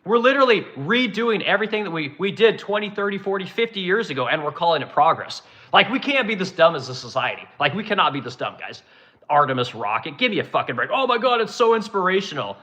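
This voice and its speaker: A man from Oregon delivers a sarcastic, profanity-laden rant on his channel. His voice sits a little high and rings bright and forceful. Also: animated, fast. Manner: exasperated, heavily profane, sarcastic. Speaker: channel host. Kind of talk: profane ranting commentary.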